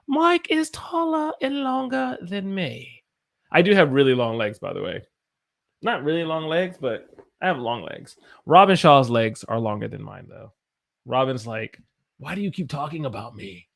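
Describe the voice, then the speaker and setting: An American man teaching English on a live stream, with a lively voice that swings up and down in pitch. He reads out viewer comments and jokes around between explanations. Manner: lively, animated delivery, reads chat messages aloud and jokes with viewers. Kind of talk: live-streamed English lesson, reading chat aloud.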